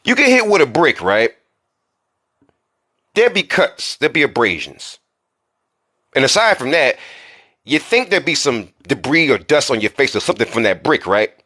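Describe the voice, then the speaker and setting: A man's voice: mid-range voice, very animated, moderate pace, pauses often, pushed and bright. A man hosting a commentary vlog, talking heatedly with many rhetorical questions and repeating words for emphasis. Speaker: commentary channel host.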